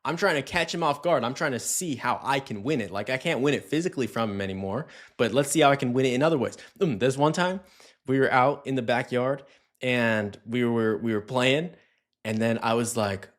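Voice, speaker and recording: A man's voice: mid-range voice, a little fast, fairly bright tone. A man giving a casual, conversational dog training lesson, often checking in with "right?" and acting out little scenes. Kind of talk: casual instructional talk.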